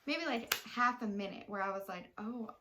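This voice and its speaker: A woman's voice: mid-range voice, lively intonation, fairly quick, background noise. A young woman in casual chat, a chatty storyteller with many fillers. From Texas. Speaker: co-host.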